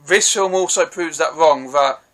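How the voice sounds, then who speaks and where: A man's voice: fairly high pitch, normal speed, fairly bright tone. A man giving a casual, rambling film review, swearing freely and restarting his sentences.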